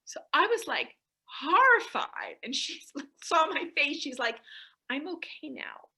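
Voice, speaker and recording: A woman with a bright, ringing voice that sits a little high, speaking to a live audience. She tells stories in an animated way and acts out the dialogue, slipping into the voices of the people in them. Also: takes it slowly. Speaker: speaker giving a talk. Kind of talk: storytelling talk to an audience. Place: community center hall.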